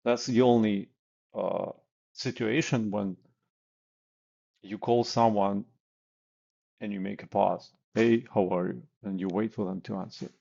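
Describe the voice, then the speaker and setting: A man's voice: lowish voice, fairly even intonation, unhurried, creaky, pauses often, dark tone, muffled recording. A man coaching on sales calls in a blunt, casual way, with many fillers and acted example lines. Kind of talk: casual instructional talk.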